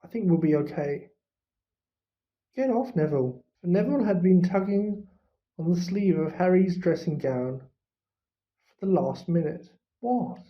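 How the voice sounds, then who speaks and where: A reader narrating a storybook in a measured, unhurried manner, in a slightly muffled recording. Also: mid-range voice. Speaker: audiobook reader.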